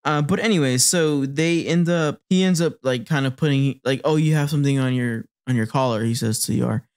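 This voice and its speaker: A man's voice: mid-range voice, a little fast, darkish tone. A man co-hosting a podcast, chatting casually and recapping an anime, laughing often and acting out character lines. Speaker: podcast co-host.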